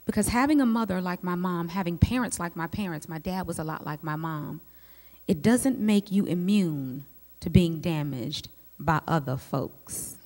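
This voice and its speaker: A woman's voice: lowish voice, normal speed. Woman telling stories in a reverberant hall. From United States. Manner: lively storyteller who speaks straight to the audience. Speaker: psychologist speaking to a women's group. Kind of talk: teaching talk with personal stories.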